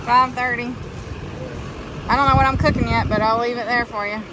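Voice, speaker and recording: Chatty farm woman, bright-pitched. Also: steady tone, brisk, noisy background. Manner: chatty, folksy, rambling. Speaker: farm vlogger. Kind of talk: casual vlog chat. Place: outdoors on a farm.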